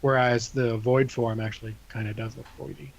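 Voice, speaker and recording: A man's voice: mid-range voice, steady tone, a little fast, gravelly, highs cut off. A man co-hosting a gaming podcast, casually running through an event list with loose asides. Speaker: podcast co-host.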